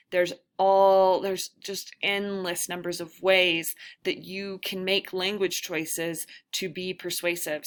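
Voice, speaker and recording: A woman's voice: lowish voice, fairly bright tone. A woman instructor giving a casual recorded lecture, thinking aloud with lots of fillers and self-deprecating asides. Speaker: writing instructor.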